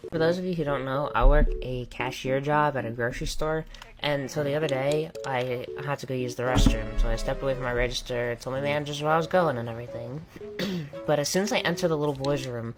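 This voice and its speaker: A woman telling retail work stories in a blunt, sassy, deadpan way, with music underneath. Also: very deep voice. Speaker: storytime vlogger. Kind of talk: storytime narration. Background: background music.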